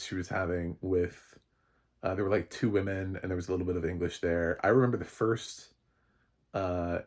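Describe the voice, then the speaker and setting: A man's voice: sits low, a little mellow. A man, a film critic, giving a casual spoken review, rambling with many fillers and restarts, and swearing now and then.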